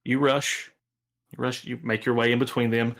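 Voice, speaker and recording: A man running a tabletop game as game master, describing scenes in a relaxed, rambling way with many fillers. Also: mid-range voice, moderate pace, gravelly.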